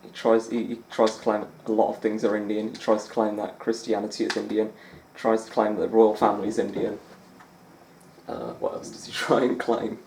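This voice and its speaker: A man with a lowish, slightly mellow voice and little pitch movement speaks fairly quickly, recorded with a roomy sound and slight background noise. Hosting a gaming channel, he gives rambling, self-amused snooker video game commentary packed with fillers.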